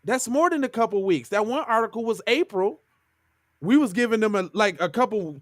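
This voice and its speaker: Lively high-voiced podcast host. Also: male voice, moderate pace, no echo, studio quality. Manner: animated, exclaiming, slangy. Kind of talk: casual reaction commentary.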